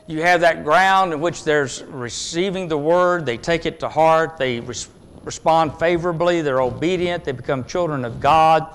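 Male preacher, fairly high voice, earnest and emphatic, long reverb behind him. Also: moderate pace, slight background noise. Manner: earnest, emphatic, swings between loud and hushed. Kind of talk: sermon.

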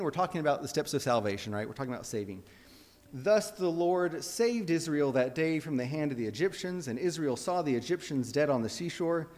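A man with a somewhat high voice preaches a sermon in an earnest, conversational way, often restarting his phrases. His voice carries a long reverb, as in a church sanctuary. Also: darkish tone.

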